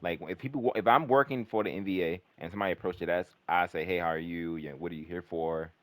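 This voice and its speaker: A man's voice: sits low, fast, no room sound. A young man telling a long, rambling story in casual chat, swearing freely and filling his speech with "like" and restarts. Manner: animated, profane, rambling with fillers.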